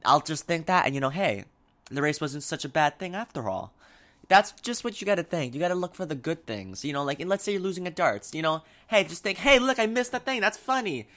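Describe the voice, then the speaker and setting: A young man talking casually in a vlog, giving advice in a rambling, animated way with lots of fillers and restarts. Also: on the high side, brisk.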